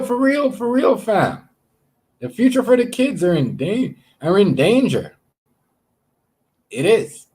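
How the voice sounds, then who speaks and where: Male streamer, slightly husky, loose profane rambling chat to viewers, from Canada. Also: mid-range voice, darkish tone. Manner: rambling, profane, repeats words. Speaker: live streamer. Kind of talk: casual livestream chat.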